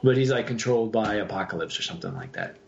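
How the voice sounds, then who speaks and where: A man chatting casually on a podcast, telling stories with lively acted-out character voices. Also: lowish voice, quick pace, creaky, background noise. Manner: animated storyteller who acts out character voices. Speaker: podcast co-host. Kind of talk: casual chat. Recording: dull lo-fi audio.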